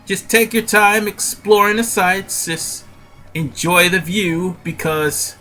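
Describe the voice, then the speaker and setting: A man's voice: high-pitched, slow pace, pushed and bright, soft background music. A man with a stuffy nose giving casual gameplay commentary as a let's play host. He rambles and often stops to correct himself.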